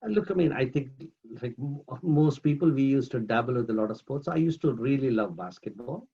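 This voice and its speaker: Gravelly, hesitant man on a muffled line. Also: medium pitch, lively intonation, a little fast. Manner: hesitant, many fillers and repeated words. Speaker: guest, managing trustee of a charity. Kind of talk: conversational interview answers.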